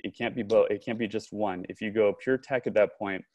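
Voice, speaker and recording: A low-voiced man from Southern California, a company co-founder appearing as a podcast guest, tells a story in a conversational interview. He's an animated storyteller who often restarts and quotes dialogue, speaking a little fast. There's no room sound.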